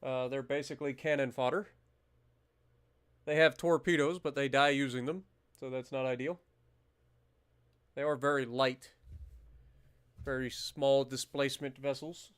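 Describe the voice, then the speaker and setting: A man streaming a naval strategy game, commenting casually, swearing freely and bursting into loud disbelief at the battle results. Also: mid-range voice, a little slow, long pauses, clear, resonant tone. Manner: muttering calmly while managing menus.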